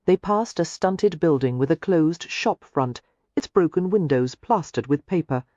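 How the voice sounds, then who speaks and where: A woman narrating a historical romance audiobook in a measured, expressive storytelling voice. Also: sits low, no room sound, muffled recording. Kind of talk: scripted narration.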